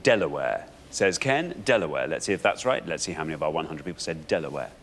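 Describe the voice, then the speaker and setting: A man's voice: very deep voice, lively intonation, quick pace, fairly bright tone, a little hiss or hum. A man hosting a quiz show, announcing with playful, theatrical energy. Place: TV studio with audience.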